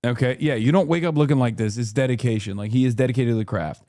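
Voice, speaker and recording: A man hosting a live stream, reacting in casual, animated commentary with swearing and quick jokey asides. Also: medium pitch, no echo. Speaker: streamer host.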